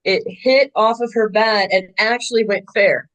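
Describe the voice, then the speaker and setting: A woman in her sixties, a veteran softball umpire, telling game stories in a chatty, animated way with lots of fillers. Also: medium pitch, normal speed, lo-fi sound. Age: 60s. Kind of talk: casual interview storytelling.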